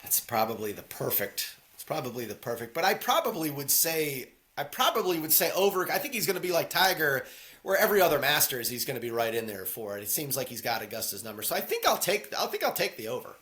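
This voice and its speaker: A man co-hosting a casual podcast, chatting about movies and sports with a laughing, animated manner. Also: a little high, fast. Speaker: podcast co-host.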